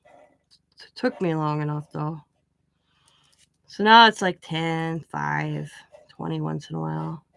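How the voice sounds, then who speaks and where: A woman hosting a craft channel, casually telling a rambling family story full of asides and lively retold dialogue. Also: low-pitched, slow, creaky, pauses often, no echo. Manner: rambling, chatty, full of "you know" asides; animated when retelling quoted dialogue.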